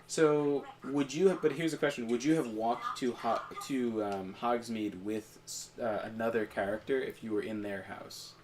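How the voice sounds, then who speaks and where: A man's voice: medium pitch, steady tone, background noise. A man chatting playfully and riffing on jokes while watching a video game being played. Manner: playful, rambling, quick to joke. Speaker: gameplay co-commentator. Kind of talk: casual let's-play chat.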